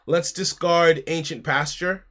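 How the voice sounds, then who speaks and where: Fairly high in pitch and a bit bright, his voice stays fairly level at a measured pace. He's an American streaming from home who chats casually, talks his card game moves through out loud, and says "mate" to people.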